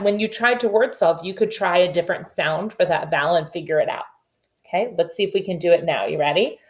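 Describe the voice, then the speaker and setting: Lively low-voiced woman teaching phonics. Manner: sounds out letters and word parts slowly and clearly; patient, coaxing questions to young learners. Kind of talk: phonics lesson for young children.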